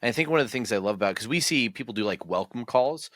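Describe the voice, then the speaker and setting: A man hosting a podcast interview, talking in an enthusiastic, casual way with quick bursts of agreement. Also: medium pitch, expressive, a bit bright, dry recording, clean studio sound. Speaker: podcast host.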